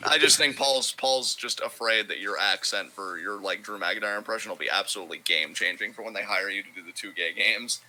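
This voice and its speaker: A man's voice: lowish voice, brisk, hardly any pauses, noisy background. A man co-hosting a stream, chatting casually while gaming, loose and rambling with lots of filler words. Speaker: co-host of a wrestling talk stream.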